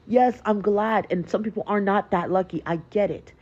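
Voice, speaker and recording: A young woman speaks earnestly and emotionally, repeating her words for emphasis. Her voice is husky and mellow, slightly low. The clip sounds dull and lo-fi. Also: brisk. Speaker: social media creator.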